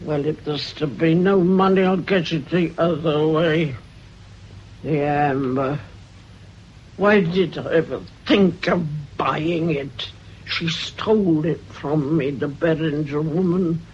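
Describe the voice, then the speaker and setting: A woman's voice: low voice, takes it slowly, darkish tone, slight background noise. An actress playing Agatha Payne, a bitter, menacing old woman in a vintage radio drama, who mutters threats and grudges. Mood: muttering, vengeful. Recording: dull lo-fi old radio recording.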